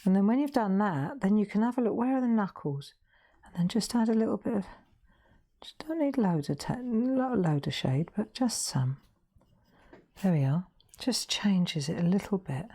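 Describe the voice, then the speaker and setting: A woman's voice: mid-range voice, animated, normal speed, mellow. A woman hosting a live colouring tutorial from her craft room, chatty and demonstrative, talking into a lapel mic. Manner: chatty, demonstrative, laughs at herself. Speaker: crafting livestream host.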